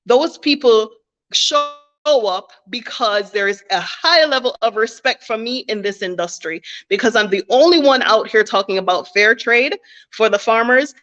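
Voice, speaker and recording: A woman's voice: on the high side, normal speed, fairly bright tone. A woman, a small business owner making an earnest appeal straight to her viewers and often checking in with "okay?". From Jamaica. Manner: earnest, repeats herself, asks "okay?" often. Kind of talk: heartfelt direct-to-camera appeal. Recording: slightly dull lo-fi audio.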